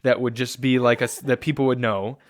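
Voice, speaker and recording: A man's voice: medium pitch, steady tone, brisk, dry recording, clean studio sound. A man co-hosting a car podcast in casual chat, easygoing and opinionated. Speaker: podcast co-host.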